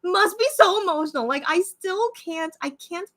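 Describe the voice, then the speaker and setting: A young woman hosting a casual livestream, chatting excitedly with viewers and reading out their comments, full of fillers and restarts. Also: very high-pitched, moderate pace. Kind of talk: casual live-stream chat. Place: Korea.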